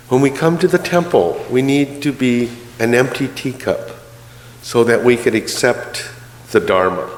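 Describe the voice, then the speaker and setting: A male minister tells a story during his sermon in an easy, conversational way, with touches of humor. His voice is on the low side. The recording has the roomy, long reverb of a church hall.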